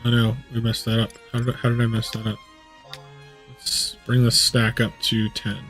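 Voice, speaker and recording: A man's voice: medium pitch, completely flat delivery, moderate pace, fairly bright tone, soft background music. A man casually commenting on his gameplay during a live stream, thinking aloud and rambling. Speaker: game streamer. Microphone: studio USB condenser mic.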